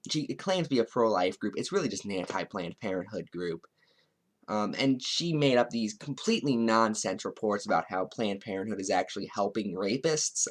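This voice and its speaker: A man hosting a political commentary show, speaking in a sarcastic, wry monologue. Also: lowish voice. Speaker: host.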